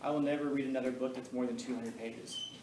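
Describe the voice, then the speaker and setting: A man's voice: mid-range voice, fairly even intonation, fast talker. A man telling students loose, self-deprecating stories with easy laughs. His voice sits in the middle range and is caught from a distance in a roomy, echoing classroom with a faint hiss of noise behind. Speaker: teacher. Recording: echoey room, mic far off.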